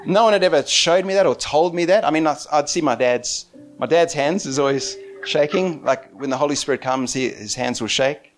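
A man preaching a sermon in an animated way, often breaking into laughter as he talks. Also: fairly high pitch, fairly quick, soft background music.

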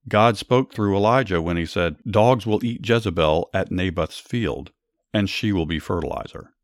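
A man's voice: sits low, normal speed, dry recording, studio quality, lightly acted. A man voicing a ruthless, commanding male king in a read-aloud Bible story. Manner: reads plainly, commands raised and loud.

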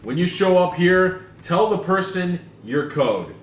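Podcast co-host, male, slightly high voice, swearing through an annoyed anecdote, roomy echo. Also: very animated, unhurried. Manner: exasperated, profane storytelling with impressions. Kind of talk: casual chat, ranting anecdote. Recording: echoey room with faint noise.

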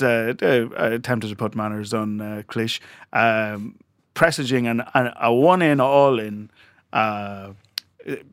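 A man's voice: medium pitch, fairly bright tone, no echo, clean studio sound. A man from Ireland hosting a chat show, telling a story in a rambling, laughing way with lots of filler sounds. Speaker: podcast host. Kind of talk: casual chat.

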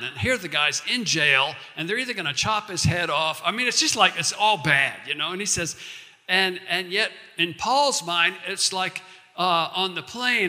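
A male pastor preaching a sermon in a conversational way, slowing down to recite verses and lines. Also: a little high, lively intonation, sharp tone, long reverb tail.

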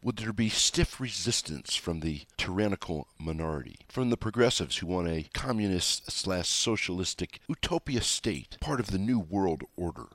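A man's voice: low-pitched, lively intonation, moderate pace, few pauses, a bit bright, no room sound. A middle-aged man delivering an emphatic, scornful political opinion monologue, full of rhetorical questions. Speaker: political commentator.

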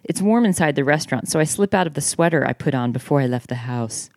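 Low-pitched woman co-host, playful, expressive reading voice, chatty. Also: fast talker, no echo, clean studio sound. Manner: playful, laughs often, breaks off to joke. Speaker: podcast co-host. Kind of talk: casual chat and reading a novel aloud.

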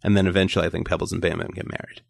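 A man with a low, gravelly voice hosts a casual podcast chat. He rambles and hesitates, teasing as he goes. The sound is dry and close. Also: little pitch movement, rapid-fire, no room sound. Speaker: podcast host.

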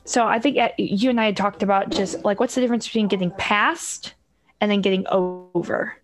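Woman, middle-aged, podcast guest, reflective, mid-pitched, casual conversation. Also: fairly quick, faint music behind. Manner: reflective, explains with lively acted-out examples. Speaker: guest expert on parenting emotions.

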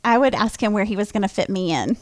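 A woman's voice: mid-range voice, fast talker, darkish tone, dry recording. A woman in her forties, a business owner being interviewed on a radio show, answering in an upbeat, conversational way. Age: 40s. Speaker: franchise business owner, guest.

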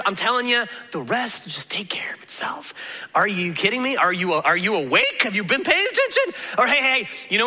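Male pastor, high and bright, chatty and animated; miked in a large reverberant church. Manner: animated, conversational, acts out voices of listeners. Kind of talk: sermon. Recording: long hall reverb.

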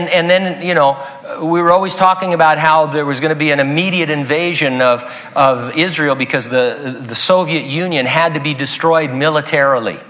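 A man's voice: fairly high pitch, fairly bright tone. A man preaching a sermon in a conversational, emphatic way with joking asides. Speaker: pastor.

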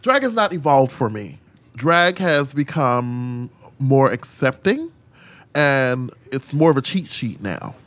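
A man who is a drag queen, talking frankly and sassily on a podcast and telling animated stories. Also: takes it slowly. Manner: animated storyteller, swings into high mimicking voices and whispers; sassy, frank, swears freely. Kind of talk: casual podcast chat.

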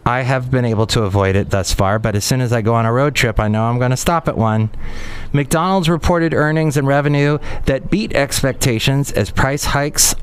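A man's voice: mid-range voice, smooth. A middle-aged man hosting a casual podcast, chatting wryly about the news. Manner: wry, chatty commentary on news. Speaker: podcast host. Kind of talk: casual solo podcast talk.

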